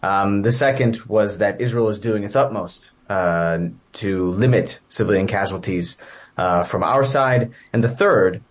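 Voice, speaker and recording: Low-voiced male guest, measured with fillers. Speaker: guest commentator, educator. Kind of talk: interview answers.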